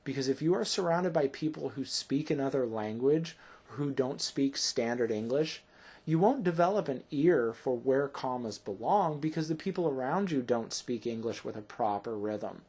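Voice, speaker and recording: A middle-aged man gives a classroom grammar lesson. His voice is gravelly and a little husky. He explains step by step and keeps checking in with his listeners. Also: mid-range voice, animated, moderate pace, darkish tone. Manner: explanatory, often checking with "right?". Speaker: teacher.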